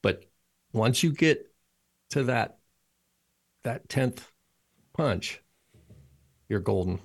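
A man's voice: mid-range voice, expressive, extremely slow. A man co-hosting a casual faith podcast, chiming in with joking banter. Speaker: podcast co-host.

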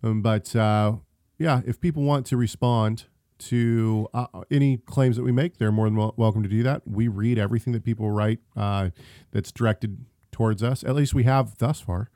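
A man's voice: fairly low pitch, moderate pace, mellow, no echo, clean studio sound. A man co-hosting a theology podcast, reading listener questions in a casual, hesitant way with frequent ums and restarts. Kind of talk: casual chat about theology.

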